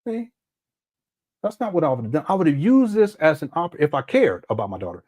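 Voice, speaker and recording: A man's voice: on the high side, wildly swooping pitch, fairly quick, a little mellow. A man hosting a live commentary show, talking in an emphatic, conversational way with many repeats. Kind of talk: livestream commentary.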